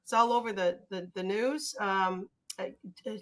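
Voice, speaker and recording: A woman hosting a casual chat, pausing often and searching for words. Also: medium pitch. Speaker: host.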